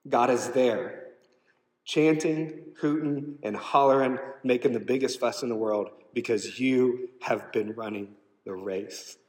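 A male pastor telling a personal story in a sermon, animated and emotional, sometimes shouting out quoted cheers. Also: mid-range voice, unhurried. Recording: roomy hall, voice from some distance.

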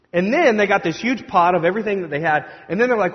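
A male pastor with a high, animated voice gives a conversational, joking sermon in a church sanctuary, speaking quickly with few pauses and acting out the crowd's voices. The sound is dull, with long hall reverb.

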